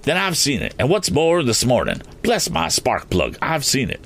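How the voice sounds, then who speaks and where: A man voicing an excitable, eccentric gentleman motorist who rambles and keeps exclaiming fussy oaths in a storybook reading. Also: medium pitch, normal speed, vocal fry, husky, voice pushed up, heavily acted. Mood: excited.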